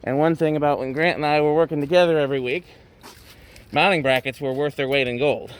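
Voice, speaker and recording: A man chatting casually while filming in a thrift store stockroom, out of breath, excited and thinking aloud. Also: fairly high pitch, quick pace, clear, resonant tone. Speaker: vlogger, ceiling fan collector. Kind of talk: casual walk-through chat.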